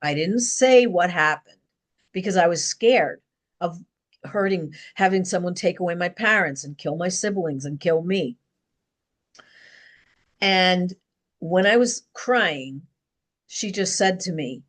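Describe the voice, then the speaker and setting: A middle-aged woman talking to camera in an earnest, rambling personal monologue, pausing and restarting as she goes. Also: on the low side, expressive. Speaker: vlogger.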